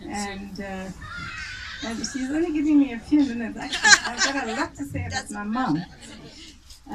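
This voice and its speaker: Woman, South African accent, hesitant speech with fillers, phone recording from a distance, background noise. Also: on the high side. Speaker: family member giving a reunion speech. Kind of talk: informal speech to family. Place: outdoor family gathering.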